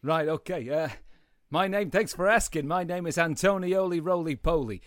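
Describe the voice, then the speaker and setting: A man's voice: on the high side, normal speed, a bit bright, no room sound, clean studio sound, lightly acted. A man voicing a giggly mob boss with a hammy accent in improvised comedy role-play, over an online call. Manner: giggly, breaks into laughter. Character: mob boss narrator Antonio, genial and giggly.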